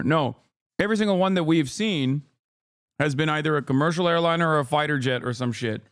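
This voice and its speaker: Animated and fairly quick, a streamer in his thirties hurls profane, combative political rants at his live chat. His voice is a little high and a bit bright.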